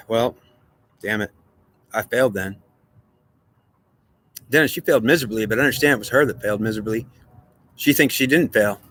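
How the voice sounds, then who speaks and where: Guy in a solo vlog going back and forth with himself, pleading, keeps repeating, sharp bright tone. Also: medium pitch, a little hiss or hum. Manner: earnest, pleading, repetitive. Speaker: vlogger. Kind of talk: solo monologue, arguing with himself in two voices.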